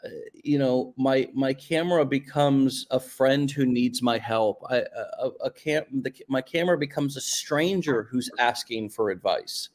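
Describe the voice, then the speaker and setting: A man hosts a relaxed interview, coaching his guest as he talks. He lingers on key words to press a point home, in a voice of middling pitch. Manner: coaching, drawn-out emphatic phrases. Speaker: podcast host. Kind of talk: casual interview chat.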